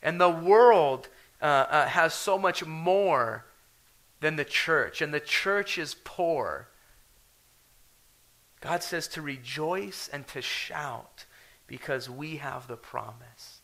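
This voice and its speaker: A male pastor delivers a sermon with a gravelly edge to his voice. His tone is bright and forceful, and he preaches earnestly, pressing his points with urgent questions. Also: on the high side, animated, slow pace, poor audio.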